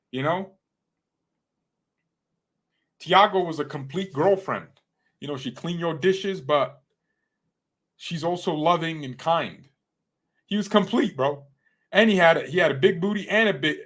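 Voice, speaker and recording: Excitable jokey man chatting to viewers. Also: medium pitch. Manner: jokey, rambling, slips into playful put-on accents; chatty and excitable, addresses viewers as guys and bro. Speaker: fan channel host. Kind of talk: casual live-stream chat.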